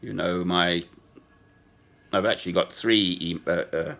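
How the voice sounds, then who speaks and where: Slow, deep-voiced man in his sixties. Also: steady tone, gravelly, a bit bright, highs cut off. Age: 60s. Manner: slow, sentimental and wandering, with chuckles. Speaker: speaker addressing a woman. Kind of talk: rambling personal monologue.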